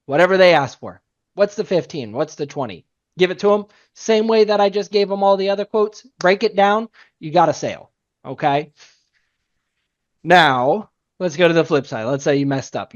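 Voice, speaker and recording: A man coaching a room of salespeople with animated energy. He repeats his key points and acts out both sides of client calls. The recording sounds a little muffled and lo-fi. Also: mid-range voice. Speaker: sales trainer. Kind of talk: sales training talk.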